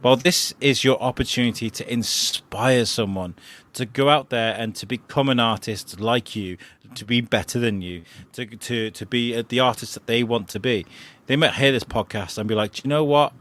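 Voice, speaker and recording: A man's voice: medium pitch, moderate pace, a bit bright. A man, a podcast co-host chatting casually, rambling and enthusiastic with lots of fillers. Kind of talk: casual chat.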